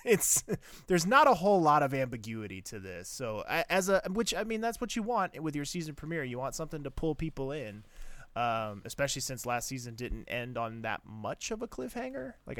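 A man's voice: medium pitch, dry recording. Chatty man with a dry close voice. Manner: animated, chatty, laughs easily. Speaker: podcast host. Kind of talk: casual TV episode recap.

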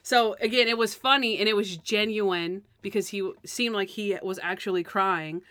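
A woman's voice: medium pitch, fairly even intonation, moderate pace, a bit bright, no room sound. A woman co-hosting a casual podcast, chatting about a TV episode and acting out characters' lines with animation. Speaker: podcast co-host. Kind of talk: casual chat reviewing a TV episode.

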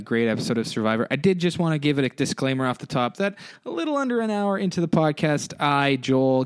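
Young male podcast co-host, smooth clear tone, dry close sound, chatty and rambling. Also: mid-range voice, dry recording. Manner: apologetic, rambling with restarts. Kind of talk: casual podcast chat.

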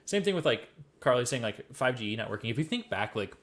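A young man from the Midwest talks quickly in a loose, swearing podcast chat. He tells his stories with lively, animated energy, at a middling pitch. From American Midwest. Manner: profane, animated storytelling. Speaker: podcast co-host. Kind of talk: casual chat.

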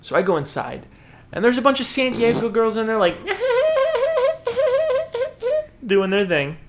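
A podcast host tells a funny story in casual chat, laughing often and acting out the voices of the people in it. His voice is high and a little fast, with a little hiss or hum in the recording.

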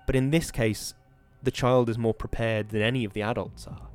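A man hosting a podcast, giving a measured, dramatic reading of a horror novel and then chatting about it. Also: medium pitch, steady tone, a little mellow, faint music behind. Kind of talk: dramatic reading and casual commentary.

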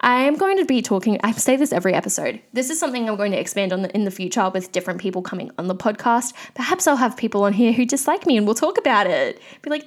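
A woman's voice: medium pitch, lively intonation, fast talker, few pauses. Chatty woman podcast host. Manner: candid, chatty rant with frequent fillers. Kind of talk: solo podcast monologue.

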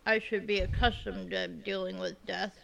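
A woman co-hosting a casual chat, who tells personal stories in a plain, earnest way and trades quick remarks. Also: medium pitch, fairly even intonation, creaky, a bit bright, poor audio.

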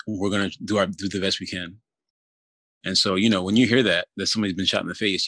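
A man's voice: deep voice, fairly bright tone, no echo. A man in his twenties casually telling a personal story, with many fillers and asides. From Philadelphia area. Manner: casual, many fillers like "you know" and "kinda".

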